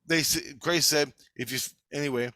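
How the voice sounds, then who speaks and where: A half-awake man rambling through a profane, casual story, quoting others in quick asides. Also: fairly high pitch, fairly even intonation, pushed and bright. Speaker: video maker. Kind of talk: casual chat.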